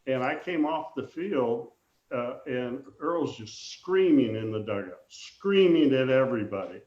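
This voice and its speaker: A man's voice: medium pitch, a little slow. Older man telling stories on a roomy, dull line. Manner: animated anecdotes, acts out quoted voices. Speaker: guest, former baseball player. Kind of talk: casual storytelling interview.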